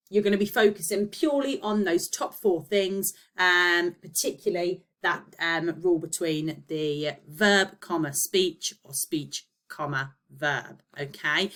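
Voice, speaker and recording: A woman's voice: on the low side, a bit bright. A woman teacher giving a recorded lesson, explaining step by step and checking in with her pupils. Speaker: primary school teacher.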